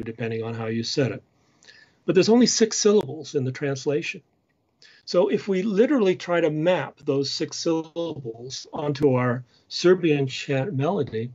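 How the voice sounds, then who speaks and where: A man lectures on church music in a measured, explanatory way, now and then singing short chant phrases. His voice sits fairly high. The sound is dull and lo-fi, like a streamed talk. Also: darkish tone, breathy edge. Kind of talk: lecture with sung examples.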